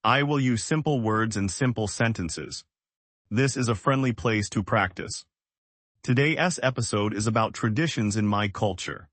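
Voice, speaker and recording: A man from the United States teaching English, speaking slowly and clearly in short, simple sentences. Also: on the low side, fairly bright tone, no echo. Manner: slow, clear, short sentences with repetition drills. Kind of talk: slow, simple language lesson.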